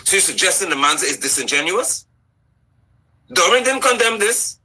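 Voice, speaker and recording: A husky, very bright-toned man hosts a live political commentary show. His pitch swings widely as he presses one indignant rhetorical question after another while walking through slides. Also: very animated, normal speed, rough recording.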